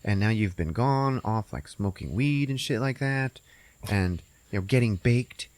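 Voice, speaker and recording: A man voicing a shrill, mouthy female hot dog bun in a higher voice while retelling a cartoon. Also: lively intonation, a little slow, darkish tone, no echo. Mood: snippy.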